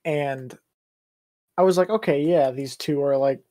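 A man's voice: fairly high pitch, a little slow, warm tone. A man chatting casually as a guest voice actor, easygoing and jokey. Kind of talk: casual chat on a livestream.

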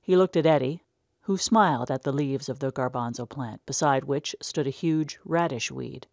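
A woman narrating a short story in a measured, unhurried way. Her voice sits low. The sound is dry and close, as from a studio booth. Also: darkish tone, no echo.

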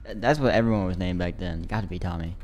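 A man's voice: sits low, quick pace, darkish tone, muffled recording, soft background music. Chatty teen guy gaming youtuber. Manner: chatty, slangy, talks to viewers. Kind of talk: casual game commentary.

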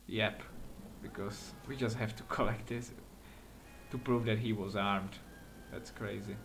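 A man giving excitable let's-play commentary while acting as a patrol cop in a game, speaking non-native English with small slips, swearing and laughing often. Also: lowish voice, a little slow, a little hiss or hum. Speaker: gaming commentator.

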